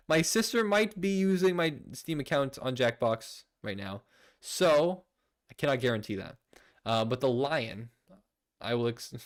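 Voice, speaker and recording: A young man streaming casually, reading out viewer messages with playful, laughing indignation. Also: on the high side. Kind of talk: casual livestream chat.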